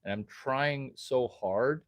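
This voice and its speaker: A vlogger with a mid-range voice rambles slowly to his viewers in a direct-to-camera monologue. He's erratic, quizzing them and jumping from topic to topic, with no room sound.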